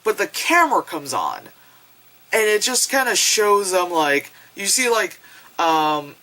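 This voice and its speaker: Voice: mid-range voice, sing-song, a little slow, sharp tone, rough recording. A reviewer recapping a horror film in a casual vlog, rambling and swearing freely and acting out the characters' lines. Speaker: movie reviewer.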